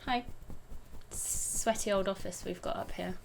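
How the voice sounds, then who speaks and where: A woman's voice: mid-range voice, measured pace, creaky, a little hiss or hum. Giggly woman teasing in casual chat. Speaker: co-host. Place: hot upstairs home office.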